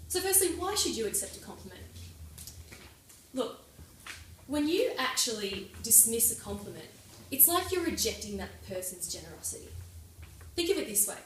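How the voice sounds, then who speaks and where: A young woman giving a prepared club speech with lively, personal, lightly humorous delivery. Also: fairly high pitch, slight background noise. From Australia. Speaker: club speaker. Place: meeting room. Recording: echoey room from far off.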